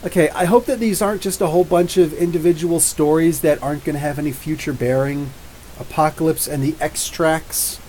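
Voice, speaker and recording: A man from New Jersey with drawn-out R's, hosting a live comics show. He rambles and jokes back at viewer comments in a slightly high voice. A faint hiss runs under the recording. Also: fairly even intonation, a little mellow, rough recording. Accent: New Jersey with drawn-out Ohio-style R's. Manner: rambling, jokey, talks back to chat. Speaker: podcast host.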